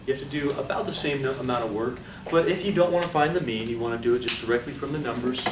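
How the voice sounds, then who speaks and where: A man's voice: mid-range voice, fast. A man teaching a classroom lecture, upbeat, quizzing his students and coaxing answers out of them. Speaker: statistics lecturer. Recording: echoey room, distant mic, background noise.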